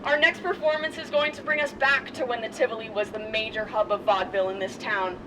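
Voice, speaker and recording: A woman's voice: a little high, fairly even intonation, fast. A woman tour guide leading a walking tour outdoors, chatty and storytelling. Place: outdoors on a street. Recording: distant voice over loud street noise.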